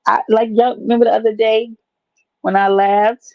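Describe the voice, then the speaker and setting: A woman's voice: a little high, flat delivery, normal speed, dry recording, muffled recording. A woman hosting a live stream, rambling and teasing her viewers in a playful, chatty way. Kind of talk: casual live stream chat.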